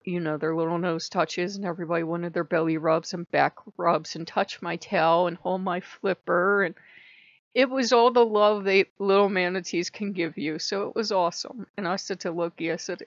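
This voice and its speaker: In a rambling, chatty vlog, a woman who makes spiritual content laughs frequently as she talks casually. Her pitch is fairly low, and the lo-fi recording sounds dry and a bit muffled.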